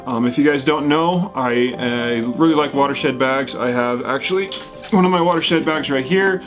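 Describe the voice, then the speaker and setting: A man's voice: mid-range voice, normal speed, music in the background. A man hosting a casual question-and-answer video, rambling and friendly, with plenty of fillers and restarts as he answers viewers. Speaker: whitewater kayaking channel host. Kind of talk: casual Q&A, reading viewer comments.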